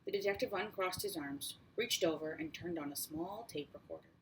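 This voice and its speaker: Audiobook narrator: woman, lowish voice, steady and measured, faint hiss. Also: rough recording. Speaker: audiobook reader. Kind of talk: first-person audiobook narration.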